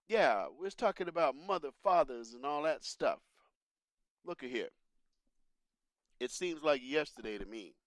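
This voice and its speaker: A man hosting a casual political commentary show, talking straight to his listeners in an animated, preachy way. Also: a little high, no echo, clean studio sound.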